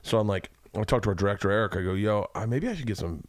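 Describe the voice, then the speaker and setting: A man's voice: lowish voice, fast, dry recording, studio quality. A man hosting a podcast, telling a story in a casual chat, acting out the people he quotes and swearing freely. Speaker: podcast host. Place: home studio room.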